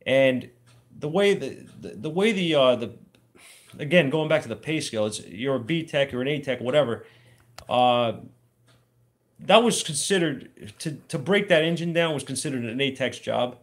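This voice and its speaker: A man who runs an auto repair shop tells a story to the camera in a loose, rambling way. His talk is plainspoken and full of trade slang, with now and then a mild curse. His voice sits in an ordinary middle pitch. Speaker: auto mechanic and shop owner.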